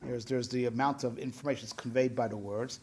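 A man's voice: medium pitch, steady tone, fast, a little mellow, breathy edge. A man teaching Torah in a casual discussion, often repeating himself and checking in with "right?".

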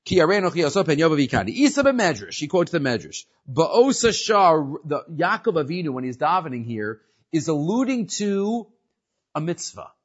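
A man's voice: a little high, fairly quick. A man teaching a Torah class, moving between Hebrew verses and English explanation and checking in with "right?". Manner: lively, mixing Hebrew and English, questioning "right?". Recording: dull lo-fi sound.

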